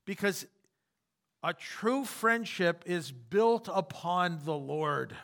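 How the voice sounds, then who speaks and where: A man's voice: sits high, animated, slow, gravelly, a bit bright. A man preaching a sermon as pastor, emphatic and repeating his key points.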